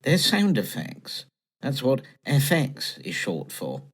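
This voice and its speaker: A man's voice: medium pitch, wildly swooping pitch, slow, breathy edge. A man performing scripted comedy dialogue, chatty, dry and earnest. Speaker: comedy co-host.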